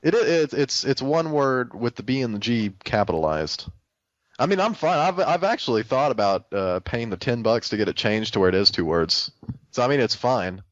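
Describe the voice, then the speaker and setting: A man's voice: medium pitch, expressive, moderate pace, dry recording. A man co-hosting a gaming podcast, talking easily and rambling, often poking fun at himself. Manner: easygoing, self-deprecating, rambling with fillers. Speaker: podcast co-host. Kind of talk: casual gaming podcast chat. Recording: dull, dry podcast audio.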